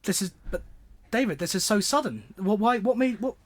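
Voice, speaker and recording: A man's voice: high-pitched, expressive, fairly quick. A young man performing improv comedy on student radio, indignant as he switches accents on cue. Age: young adult.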